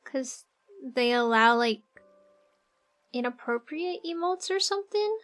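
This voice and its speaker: Woman streamer, high voice, giggly, rambling casual chat to viewers, faint music underneath. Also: animated, slow pace, fairly bright tone. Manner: chatty, giggly, thinks aloud while drawing.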